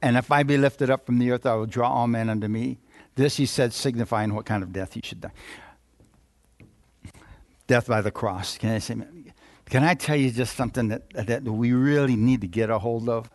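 A man preaches to his congregation in a call-and-response style, asking again and again for an amen. He chuckles between points and slows down to read scripture aloud. His voice sits at a middle pitch and sounds close and dry. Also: a little mellow, no room sound. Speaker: pastor. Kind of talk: sermon.

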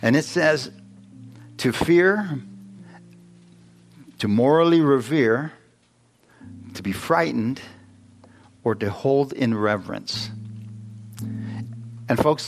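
A man's voice: medium pitch, lively intonation, a little slow, vocal fry, pauses often. A man preaching a sermon, emphatic and questioning his congregation, rising into exclamations. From United States.

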